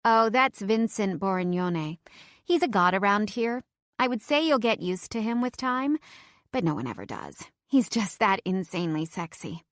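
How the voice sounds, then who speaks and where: A woman's voice: mid-range voice, lively intonation, normal speed, dry recording, natural voice. A college girl full of gossip, leaning in to share it, as a woman narrator puts her on. She speaks with confiding emphasis. The recording is close and dry. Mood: gossipy.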